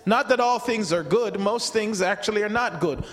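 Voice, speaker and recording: A man delivers a sermon with a notably high voice, speaking conversationally and slipping into quoted voices. He often restarts and repeats words. The sound rings out with a long reverb, as in a large church hall. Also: normal speed. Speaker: preacher.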